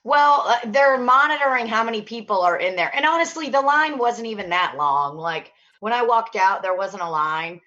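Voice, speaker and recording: A woman hosting a podcast in casual chat, telling animated stories and swearing freely. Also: a little high, normal speed, hardly any pauses, muffled recording. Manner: chatty storyteller, swears freely, animated retelling. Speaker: podcast host.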